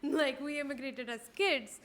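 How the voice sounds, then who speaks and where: A young woman co-hosting a podcast, chatting casually with plenty of "like" and quick agreement. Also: high-pitched, steady tone, fairly bright tone. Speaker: podcast co-host.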